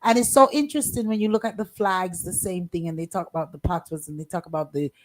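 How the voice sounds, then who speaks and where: A woman's voice: lowish voice, fast talker. A woman co-hosting a casual talk radio show, speaking expressively with a swooping delivery. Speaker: co-host.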